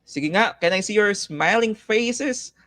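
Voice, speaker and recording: Filipino guy teaching a live online class, kinda high voice, upbeat and coaxing, dry sound. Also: measured pace, dry recording. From Philippines. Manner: lively, coaxing, reads student comments aloud. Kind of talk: live online class, mixing Tagalog and English.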